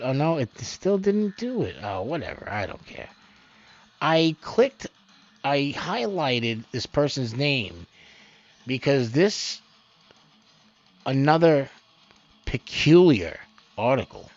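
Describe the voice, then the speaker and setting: Gravelly, rambling man ranting from home. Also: medium pitch, highs cut off. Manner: rambling, swears, laughs often, swings from mumbling to loud outbursts. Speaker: host of an amateur online news show. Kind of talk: rambling casual commentary.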